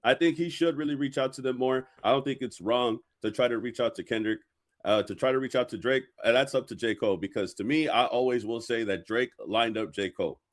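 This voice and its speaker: Brief: male reaction-show host, mid-pitched voice, calm and measured commentary. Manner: measured, explains his view step by step. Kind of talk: casual commentary.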